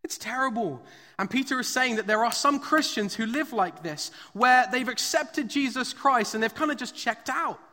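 Bright-voiced man preaching in a hall. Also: extremely high pitch, expressive, moderate pace. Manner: conversational storytelling with frequent fillers. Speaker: pastor. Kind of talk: sermon. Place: church hall, live service. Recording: long reverb of a large hall.

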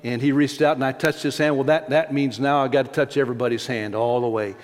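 A man's voice: medium pitch, steady tone, fast talker. Folksy preacher man in a reverberant hall. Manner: folksy storytelling, repeats words when restarting. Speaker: pastor. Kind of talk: sermon. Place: church sanctuary.

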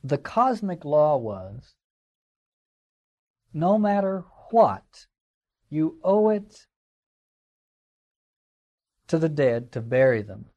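A man's voice: a little high, dark tone. A man giving a classroom lecture in a conversational, digressive way, with fillers and wry asides. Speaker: teacher.

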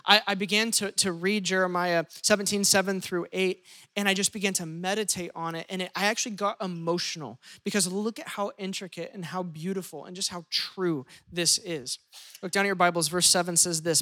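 Lively pastor preaching a sermon. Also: mid-range voice, brisk. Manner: lively, shifts pace often, acts out quoted speech.

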